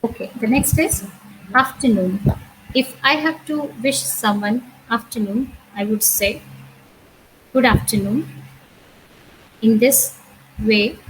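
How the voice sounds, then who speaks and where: A woman's voice: fairly high pitch, slow, pauses often, slightly rough, rough recording. A woman teaching an introductory French lecture, explaining patiently and repeating each sound and word, with frequent "uh" and "okay". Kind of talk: recorded university lecture.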